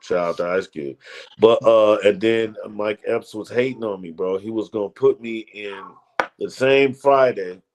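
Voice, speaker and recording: Brief: male comedian, lower voice, loose slangy storyteller. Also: measured pace, a little mellow. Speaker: comedian guest. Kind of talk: casual storytelling interview.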